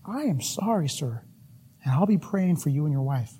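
A preacher voicing an earnest, polite pastor in his own husky, high voice. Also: sing-song, normal speed, dark tone, exaggerated voice. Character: earnest older male pastor.

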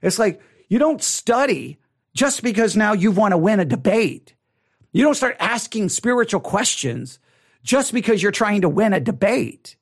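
A man who is a pastor, teaching a Bible study in an animated way, often repeating and restarting his words. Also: normal speed. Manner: animated, acts out quoted people with rising pitch.

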